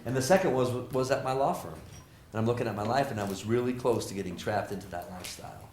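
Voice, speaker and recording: A man, a professor, giving a lively motivational talk to students, joking and asking the audience questions. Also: mid-range voice, fast talker, slight background noise. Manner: animated, jokey, asks the audience questions. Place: lecture hall with audience. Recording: roomy hall sound.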